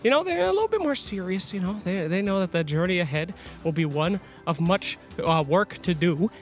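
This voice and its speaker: A man hosting from the floor of a live esports event, teasing his co-hosts in energetic, joking banter. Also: high voice, fairly quick, faint music behind. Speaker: roaming event host.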